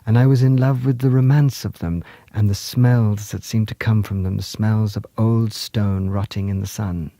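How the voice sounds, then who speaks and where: A man telling stories from his childhood in India in a gentle, lyrical, unhurried way. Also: on the low side, steady tone, dry recording. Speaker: storyteller. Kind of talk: storytelling narration. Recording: music playing underneath.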